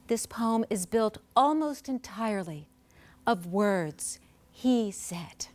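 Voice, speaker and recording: A woman poet introducing her poems on stage in an earnest, measured way with deliberate pauses. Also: mid-range voice, expressive, darkish tone. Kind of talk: spoken introduction at a poetry performance. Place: live performance on stage.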